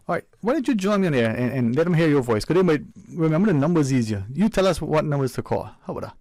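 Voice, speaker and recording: A man hosting a call-in radio show, his voice gravelly with fry. He chats in an easygoing way and often restarts his sentences. The studio sound is dry and close. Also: fairly high pitch, expressive, quick pace, hardly any pauses, a little mellow, dry recording. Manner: easygoing, chatty, with frequent restarts. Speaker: radio talk show host. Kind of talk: casual call-in radio chat. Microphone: close studio mic.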